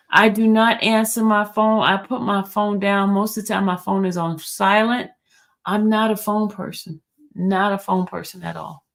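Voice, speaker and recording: A woman with a mid-range, slightly bright voice hosts a casual livestream. She's chatty and teasing, talking directly to her chat and reading out their comments.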